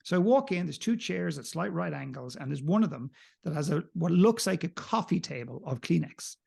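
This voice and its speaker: A man, a podcast guest, telling a candid personal story in an animated, self-mocking way with some profanity. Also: fairly high pitch, moderate pace, vocal fry, breathy edge.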